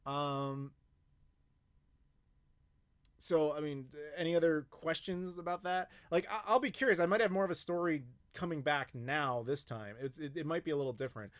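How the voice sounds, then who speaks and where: Speaking at normal speed in a voice on the high side, an American YouTube host rambles through a casual live Q&A. He answers chat questions with lots of fillers and swearing.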